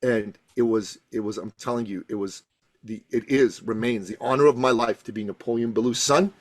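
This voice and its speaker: A man guesting on a podcast as a coach, telling a story with passion and building to loud emphatic peaks. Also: medium pitch, fairly quick, dry recording. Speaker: guest, coach and thought leader.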